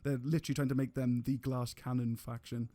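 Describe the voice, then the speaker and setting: A man's voice: medium pitch, little pitch movement, fairly quick, warm tone, no echo. A man giving casual gameplay commentary on a live stream, rambling with restarts and casual swearing.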